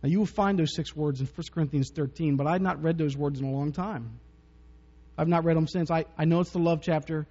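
A pastor with a fairly high, mellow voice preaches briskly, keeping things conversational with jokes, personal stories, and plenty of chuckles. The audio carries long reverb and sounds dull and muffled.

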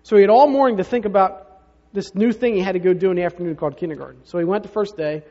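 A pastor preaches a sermon, telling stories conversationally and adding rhetorical asides to the congregation. His high-pitched voice is mellow and rapid-fire, recorded with dull lo-fi sound in a reverberant hall.

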